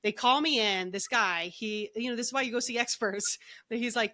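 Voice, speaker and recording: A woman's voice: fairly high pitch, fairly even intonation, moderate pace, sharp tone. A middle-aged woman, a guest on a podcast, telling her story in a chatty way, full of "like" and restarts. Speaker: guest, energy healer and author. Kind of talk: casual podcast interview storytelling.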